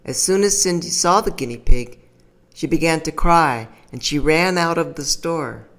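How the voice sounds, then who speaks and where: A calm narrator reads a scripted teaching story at an even, measured pace. The voice sits in a middle register, neither high nor low, and the telling stays steady from line to line.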